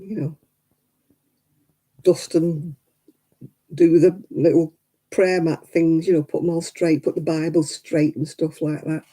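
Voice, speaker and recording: Older woman, very mellow dark tone, host telling rambling stories at a craft stream. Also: low-pitched, rough recording. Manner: chatty, rambling anecdotes with frequent "you know" asides. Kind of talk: casual storytelling chat.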